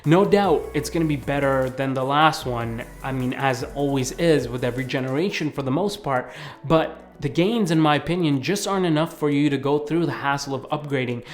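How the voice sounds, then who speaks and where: A man giving a casual video review of a tablet. He talks in a chatty, excitable way and fills his sentences with "like". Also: mid-range voice, brisk, faint music behind. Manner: chatty and excitable, leans heavily on "like". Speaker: tech reviewer.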